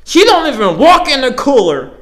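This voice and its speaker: A man's voice: very high-pitched, sing-song, normal speed, a bit bright. A young man from Canada hosting a podcast, ranting about a job with lots of profanity and slang. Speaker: podcast host.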